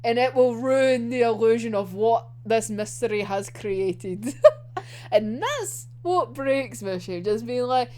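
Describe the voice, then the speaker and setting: Young adult woman, excitable casual anime reviewer; high, animated, unhurried delivery. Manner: excitable, gushing, laughs often. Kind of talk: casual episode discussion.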